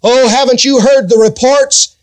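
A preacher puts on the voice of nagging naysayers, pitched high and whiny. They sound fussy and dismissive. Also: male voice, fairly even intonation, normal speed. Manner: whining, dismissive.

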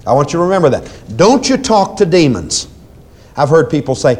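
Emphatic preacher man, raised pitch. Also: lively intonation, moderate pace. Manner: emphatic, swinging between loud commands and quiet asides; repeats phrases for emphasis, addresses the congregation directly. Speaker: preacher teaching deliverance ministry. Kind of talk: sermon.

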